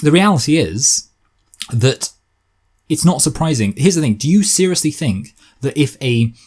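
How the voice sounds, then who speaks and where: A man's voice: a little high, expressive, normal speed, a little mellow, husky. A young man with a posh English accent gives an argumentative opinion monologue, rambling and often correcting himself. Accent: posh southern English.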